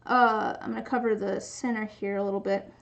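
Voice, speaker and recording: This is a creaky, medium-pitched voice with a steady tone and a slightly quick pace. The speaker is a woman from the Pacific Northwest with a light regional American accent who chats casually while streaming her crafting, rambling and restarting often.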